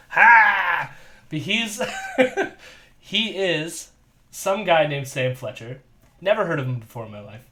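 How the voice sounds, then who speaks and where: Stream host, man, casual profane commentary, slightly high voice, very animated delivery. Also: takes it slowly, pauses often, slight background noise. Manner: animated, laughs often, swears freely. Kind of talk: casual commentary on video clips.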